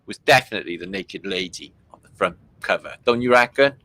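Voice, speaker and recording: A man's voice: deep voice, animated, fairly quick, sharp tone, dry recording, low-quality recording. A man hosting a livestream, making sarcastic jokes and slipping into silly voices. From Britain. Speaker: livestream host. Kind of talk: casual mocking commentary.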